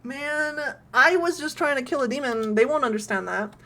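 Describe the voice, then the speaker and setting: A young woman streaming a horror game, excitable, laughing often and swearing casually. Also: high voice, normal speed. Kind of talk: casual gameplay commentary.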